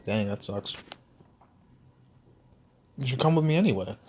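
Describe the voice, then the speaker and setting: A young man from the St. Louis area talks through a story game in a relaxed, slangy voice. He reads the game's text aloud and riffs on it between bites of food, sounding easygoing and unhurried. His voice sits at an ordinary pitch for a man. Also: slight background noise. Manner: laid-back, slangy, talks with his mouth full. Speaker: gameplay commentator. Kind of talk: casual let's-play commentary, reading story text aloud.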